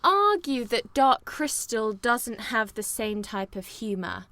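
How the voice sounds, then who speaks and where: A woman co-hosting a film podcast, talking in an animated, rambling way with lots of fillers. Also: fairly high pitch, slow, no echo. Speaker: podcast co-host. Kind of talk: casual chat.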